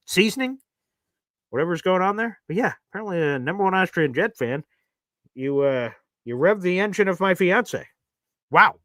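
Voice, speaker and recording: A man in his thirties hosting a live fan show, chatting in an animated way that swings from hype to heartfelt. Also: a little high, no room sound. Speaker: sports podcast host.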